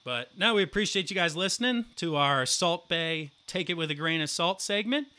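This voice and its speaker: Bright-toned guy in his 20s cohosting a sports podcast, swears a lot, acts out quotes loud and animated. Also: fairly high pitch, moderate pace, smooth. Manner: profane, animated storyteller who acts out quotes loudly. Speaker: podcast co-host. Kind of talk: casual sports podcast chat.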